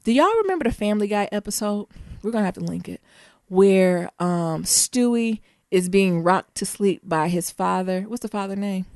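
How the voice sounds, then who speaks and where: A woman co-hosting a podcast, telling a story in a casual, animated way and breaking into laughter. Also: mid-range voice, moderate pace, no room sound, clean studio sound. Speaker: podcast co-host.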